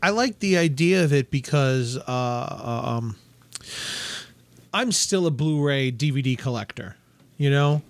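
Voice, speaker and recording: A man's voice: mid-range voice, animated, unhurried, no room sound. A man, a filmmaker guest on a casual podcast, eager and often hunting for his words.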